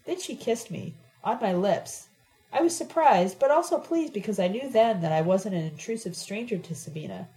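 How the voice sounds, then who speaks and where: A woman's voice: mid-range voice, animated, moderate pace, mellow, rough recording. A woman narrating a novel in the first person, reading in an intimate, reflective way. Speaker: audiobook narrator.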